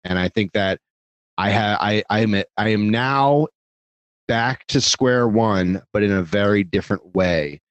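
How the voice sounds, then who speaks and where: A man's voice: lowish voice, unhurried, no echo, highs cut off. A man talking casually on a podcast, rambling, swearing freely and poking fun at himself. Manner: rambling, profane, self-deprecating. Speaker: podcast guest.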